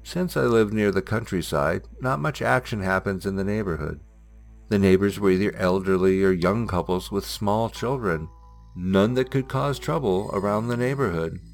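A man narrating listener-submitted ghost stories in a measured, suspenseful reading style. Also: fairly low pitch, creaky, soft background music. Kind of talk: scripted storytelling narration.

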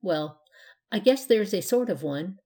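A polite little witch girl speaks in a plain, matter-of-fact way, voiced by a woman reading a storybook. She stays calm and easygoing, with a soft storybook tone. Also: medium pitch, a little slow, natural voice.

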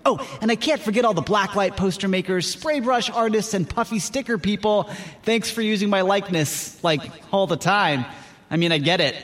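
A man's voice: sits high, normal speed, a bit bright, big-room sound. A man voicing a vain unicorn who gives a theatrical, boastful award acceptance speech.

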